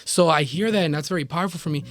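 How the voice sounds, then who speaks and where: A man's voice: a little high, racing, gravelly, faint music behind. A man, a podcast guest, tells a personal testimony in loose casual speech with lots of fillers, acting out what others said to him. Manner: lively retelling with quoted voices.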